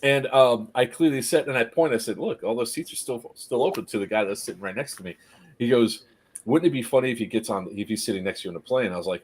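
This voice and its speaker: A man telling a story casually on a live stream, animated, laughing often and acting out the people in it. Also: medium pitch, fast, slightly rough.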